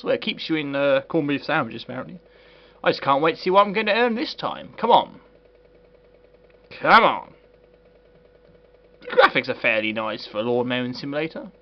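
A man's voice: a little high, very animated, moderate pace, long pauses. A man doing a comedic game review in a put-on posh voice, sarcastic and full of swearing. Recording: dull lo-fi recording with faint hiss.

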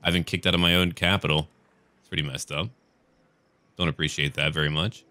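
An American man giving relaxed, jokey commentary over a strategy game as he plays, chatty and swearing casually. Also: a bass voice, a little fast. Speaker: gaming let's-play host.

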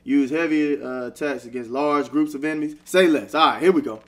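A young man giving excitable, casual commentary while playing a video game and talking back to the characters. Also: fairly high pitch, fairly quick. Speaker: gaming streamer. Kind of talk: casual let's-play commentary.

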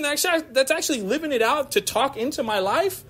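A male pastor giving a lively, casual sermon in church, mixing slang and laughter into his preaching. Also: very high voice, quick pace, few pauses, husky. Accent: American.

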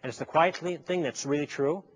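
A man's voice: on the high side, brisk, husky. A man giving a persuasive lecture to a live audience, telling a story and acting out both sides of a conversation with rhetorical questions. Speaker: public speaker.

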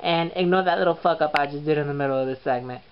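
A man's voice: a little high, rapid-fire, a little hiss or hum. A man hosting his own comedy vlog show, sassy and crude, with lots of swearing. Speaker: show host. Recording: lo-fi dull recording.

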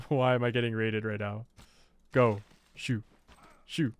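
A man's voice: mid-range voice, steady tone, takes it slowly, smooth. A man casually commenting on his own strategy gameplay, chatty and self-mocking, laughing often. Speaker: game streamer.

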